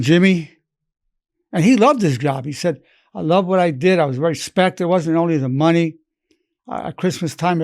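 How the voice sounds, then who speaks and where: A man's voice: a little high, a little mellow, no echo, studio quality. A man in his eighties, a psychologist, teaching a lesson through stories about his patients and the words they said. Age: 80s. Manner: anecdotal, quotes patients in his own voice. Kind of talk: storytelling lesson.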